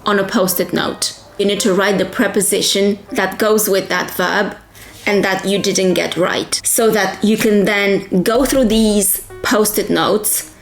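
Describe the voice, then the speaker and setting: A woman leads an English pronunciation drill, taking it slowly and deliberately. She repeats each question several times for learners to copy. Her voice sounds roomy, with faint music underneath. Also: medium pitch. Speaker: English teacher.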